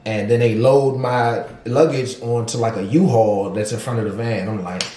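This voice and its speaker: An American man spins a travel story in relaxed, slangy chat, laughing and slipping into voices for the people he met. His voice sits at an ordinary pitch for a man. The room around him rings with noticeable echo. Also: normal speed, crowd noise. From United States. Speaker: vlog co-host. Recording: roomy echo.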